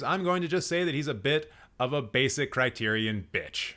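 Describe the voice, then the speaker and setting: Bright-voiced man teasing playfully. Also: mid-range voice, lively intonation, normal speed. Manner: playful roasting, mock-teasing, laughing at his own jokes; rambling and self-correcting. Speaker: host. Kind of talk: casual live-stream chat.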